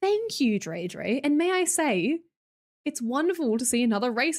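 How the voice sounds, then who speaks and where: A young woman with an Australian accent chats with her live stream viewers, reading their comments aloud and cracking jokes. Her pitch swings widely as she talks, and her chatty, teasing manner keeps things loose and playful. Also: sing-song, normal speed, a little mellow. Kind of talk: casual chat with live viewers.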